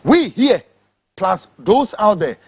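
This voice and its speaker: A Ghanaian man delivering an angry, impassioned political tirade with a husky voice, mixing English with Twi. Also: high voice, very animated, slow pace, no echo. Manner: angry, shouting insults, switching between English and Twi. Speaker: political commentator.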